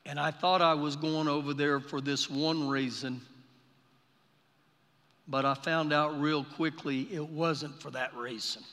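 Impassioned pastor preaching, high bright voice. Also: male voice, fairly even intonation, a little slow. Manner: impassioned, storytelling, swells to shouting. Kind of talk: sermon. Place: church sanctuary. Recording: live service in a reverberant hall.

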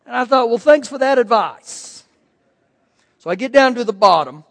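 A man's voice: very high voice, normal speed, gravelly. A male pastor giving a sermon, telling folksy personal stories and acting out the voices of the people in them. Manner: folksy storytelling with animated quoted voices. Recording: long hall reverb.

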